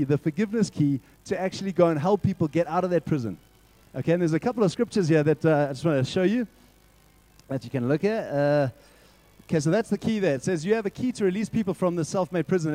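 A man giving a lively church talk to a youth group, telling jokes and acting out the characters in his stories. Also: sits high, fast talker, dry recording, poor audio. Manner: animated joke-telling, acts out characters.

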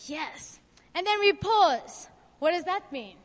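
A young woman leads a youth group, earnest and personal as she asks the room question after question. Her voice sits high, and it rings out with a long reverb, as in a large hall. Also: lively intonation, takes it slowly. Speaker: youth leader.

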